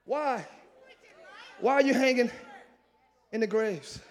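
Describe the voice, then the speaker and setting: A man pastor preaching a lively sermon, swinging between loud shouted lines and quiet joking asides with the congregation, breaking into ecstatic exclamations. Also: very high-pitched, takes it slowly, some chatter behind. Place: large church sanctuary with congregation.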